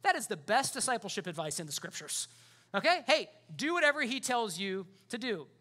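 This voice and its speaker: A man's voice: sits high, very animated, brisk, pushed and bright. A man preaching a sermon as pastor, in a casual, conversational way full of fillers.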